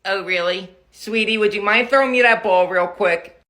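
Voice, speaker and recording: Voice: medium pitch, normal speed, pushed and bright, lightly acted. A performer voicing a bossy older grandmother in a comedy skit, scolding her grown child in a stern way. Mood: sly.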